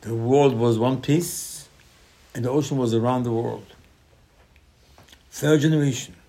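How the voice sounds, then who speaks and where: A man preaching a Torah lesson. His voice sits at an ordinary middle pitch, jumping to loud bursts and then dropping to hushed asides as he tells the stories. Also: unhurried. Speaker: rabbi teaching Torah. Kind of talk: Torah class sermon.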